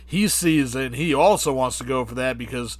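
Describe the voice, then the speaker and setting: A man co-hosting a podcast, telling a rambling, profane comic story in an animated way. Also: mid-range voice, brisk, dry recording. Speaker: podcast co-host. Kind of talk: comedic storytelling.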